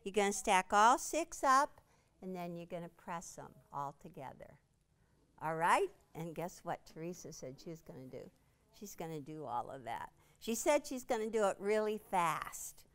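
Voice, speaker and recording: A woman's voice: on the low side, sing-song, normal speed, fairly bright tone. A woman hosting a live quilting demonstration, chatting playfully and quizzing a small studio audience. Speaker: quilting instructor and show host.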